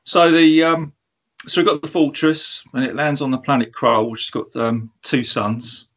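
A man's voice: medium pitch, fairly even intonation, normal speed, a bit bright, dull audio. A man co-hosting a film review podcast, talking casually and rambling with lots of ums. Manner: rambling, hesitant, many ums and laughs. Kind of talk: casual chat.

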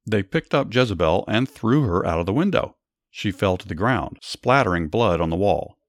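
A man narrating Bible stories for his podcast in a steady, earnest read. His voice is low and even. The recording is dry and close to the mic. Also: normal speed, dry recording. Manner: steady, plain, earnest reading. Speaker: podcast host and Bible storyteller. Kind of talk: scripted Bible story narration.

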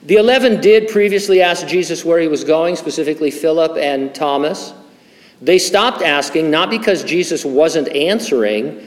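A man's voice: fairly high pitch, long reverb tail. An older male pastor preaching a conversational sermon, full of fillers, restarts and wry humor. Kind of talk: sermon with Bible teaching.

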